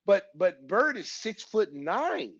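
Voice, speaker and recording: A man in his fifties from Oklahoma, a former basketball player and podcast guest, telling stories in a casual, animated way and acting out the voices of people he quotes. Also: sits high, takes it slowly, husky. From Oklahoma, USA. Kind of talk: casual storytelling. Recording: dull lo-fi podcast recording.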